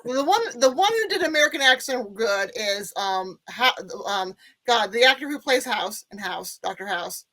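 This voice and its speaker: A Californian woman with a fairly high voice chats as a podcast guest. She talks freely and often pauses to search for words, filling the gaps with ums. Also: expressive, pushed and bright. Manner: chatty, searching for words with fillers. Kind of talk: casual podcast discussion.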